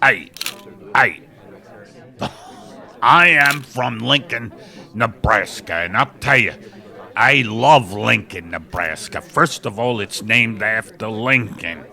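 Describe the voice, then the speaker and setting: A man putting on a gruff, defensive middle-aged dad with a fake tough-guy accent. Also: fairly low pitch, animated, slow, pauses often, sharp tone, heavily acted.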